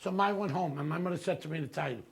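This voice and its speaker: A man's voice: fairly high pitch, very fast, gravelly. A man telling brash, profane stand-up stories. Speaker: comedian storyteller. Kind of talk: stand-up storytelling.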